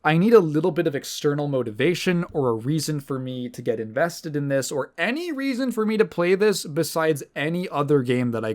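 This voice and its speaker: A man hosting a casual podcast, his voice sitting a little higher than most men's. He rambles in a sardonic, loose way, swears freely and stumbles through fillers and restarts. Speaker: podcast host. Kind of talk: casual chat.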